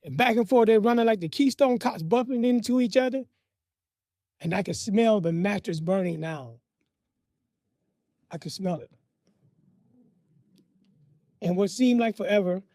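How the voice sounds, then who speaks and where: A man with a high voice tells a personal story with vivid, dramatic pacing. He is recorded close in a dry room with no echo. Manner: animated, vivid, dramatic pauses.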